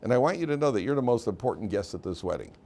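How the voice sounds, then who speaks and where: A man's voice: medium pitch, animated, racing, gravelly, warm tone. A man voicing a young bride who earnestly recounts and thanks someone, in his own slightly raised voice.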